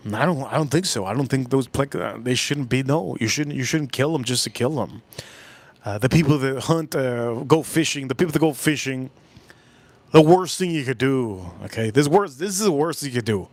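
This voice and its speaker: A man's voice: mid-range voice, expressive, normal speed, no echo. Rambling man chatting on a live stream. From South Florida. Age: adult, older than in his youth. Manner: rambling, talks straight to chat, repeats himself. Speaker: livestream host. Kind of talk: casual live-stream chat.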